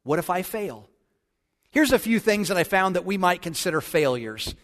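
A man's voice: high voice, big pitch swings, fairly bright tone. Folksy male preacher in an echoing sanctuary. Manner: folksy and joking, with a solemn, slowed prayer voice. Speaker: pastor. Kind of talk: sermon. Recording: long church reverb.

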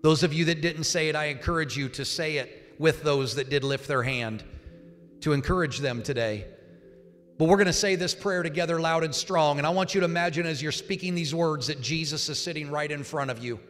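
A man preaching as a pastor, giving an altar call and leading a loud, fervent prayer in a church. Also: a little high, fairly quick. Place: church sanctuary. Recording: reverberant hall with faint music.

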